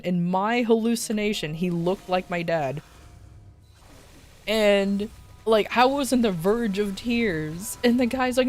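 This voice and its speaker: A young woman streams and tells a casual story in an animated voice, with plenty of laughing and filler words. Her pitch sits in an ordinary middle range, and faint music plays behind her. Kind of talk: casual storytelling to a live chat. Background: faint background music.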